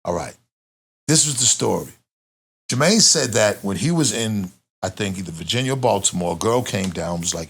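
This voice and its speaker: A man with a Boston accent, an interview guest telling a long story in a casual, profane, animated way. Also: moderate pace, husky. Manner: animated, profane street storytelling, rises in pitch when reliving tense moments.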